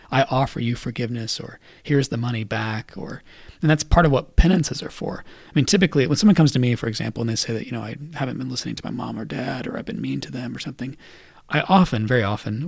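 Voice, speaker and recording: A man, a priest, retelling a saint's story to young listeners in a casual, animated way, then explaining its lesson. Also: mid-range voice, gravelly, no echo. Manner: conversational, animated retelling with fillers.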